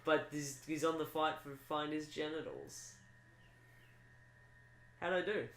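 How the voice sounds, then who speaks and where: A man's voice: a little high, a little slow, vocal fry, fairly bright tone, a little hiss or hum. Rambling playful man in an echoey room. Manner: rambling, playful, acts out silly voices. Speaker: podcast co-host. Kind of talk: casual comedic chat.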